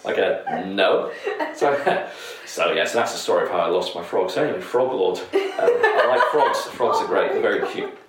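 A man's voice: sits low, wildly swooping pitch, normal speed, a crowd in the background. A man telling a story in casual chat, rambling, laughing and swearing freely. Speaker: podcast co-host. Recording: echoey room, distant mic.

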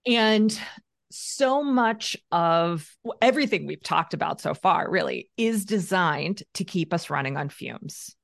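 Woman author guest, lowish voice, measured and thoughtful, leans on her points. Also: lively intonation, creaky. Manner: thoughtful, measured, stresses key phrases. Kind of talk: casual conversational interview.

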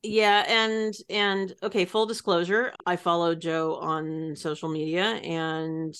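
A woman co-hosting a book podcast, chatting casually in a thoughtful, measured way. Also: lowish voice, flat delivery, a bit bright, clear, resonant tone. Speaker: podcast co-host. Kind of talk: casual chat.

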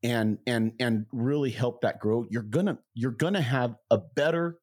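A man's voice: normal speed, darkish tone, slightly rough. A man co-hosting a podcast, chatting casually with emphatic energy. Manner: emphatic, swooping pitch. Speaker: podcast co-host. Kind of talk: casual chat.

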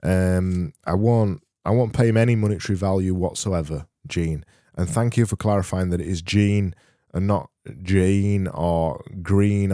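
A man's voice: deep voice, dark tone, no echo. A man hosting a comedy podcast, reading listener messages in a dry, rambling, self-mocking way. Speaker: podcast host.

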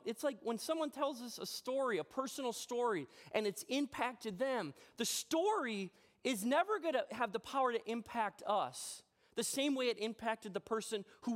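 A man preaching a sermon as pastor in a church, telling a personal story in a chatty, animated way with self-deprecating humor. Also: very high voice. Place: church sanctuary.

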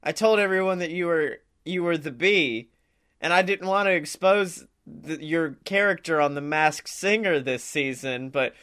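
High, bright-voiced male podcast co-host. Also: normal speed. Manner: jokey, teasing, laughs often. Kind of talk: casual comedy chat.

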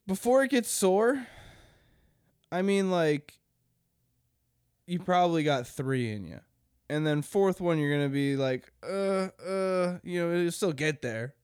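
A man's voice: on the high side, animated, unhurried, long pauses, a little mellow, smooth, no echo, studio quality. A young man hosting a podcast alone, rambling casually with crude jokes and frequent laughter. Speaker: podcast host. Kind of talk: casual solo podcast chat.

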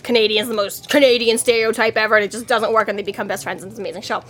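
Woman, podcast co-host, slightly high voice, animated, quick to laugh. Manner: animated storyteller, laughs easily. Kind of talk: casual chat.

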